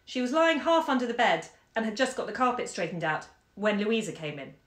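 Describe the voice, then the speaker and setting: A woman's voice: a little high, expressive, a little fast. Woman reading a story, echoey room. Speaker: bookseller reading aloud. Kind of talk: story read aloud on a live stream. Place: home during lockdown.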